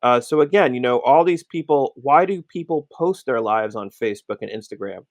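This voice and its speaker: A man's voice: mid-range voice, expressive, moderate pace, no room sound. A man as a guest commentator, talking emphatically and often repeating himself. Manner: emphatic, repeats "again" and "you know". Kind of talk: conversational analysis.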